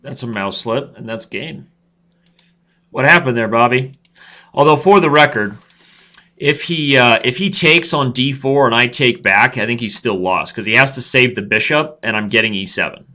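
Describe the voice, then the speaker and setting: A man's voice: medium pitch, moderate pace, bright, forceful tone. A man in his thirties hosting a live chess stream, commentating his own games with playful trash talk and asides to viewers.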